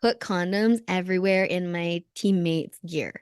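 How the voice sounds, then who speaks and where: A lively woman from Canada in her thirties tells stories and laughs often, in casual conversation. Her voice sits a little low for a woman. The sound is dry and close, with no room around it. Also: unhurried, clean tone, dry recording. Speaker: podcast guest, former Olympic snowboarder.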